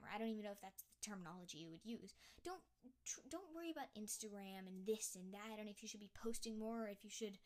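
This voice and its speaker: A young woman hosting her own solo podcast, talking in a rambling, self-reflective way with frequent restarts. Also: medium pitch. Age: young adult. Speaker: podcast host.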